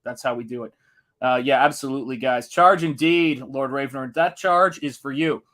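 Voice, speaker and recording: A man's voice: medium pitch, normal speed, a bit bright. A man hosting a live art stream in a casual, upbeat way, greeting chat viewers one by one. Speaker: livestream host.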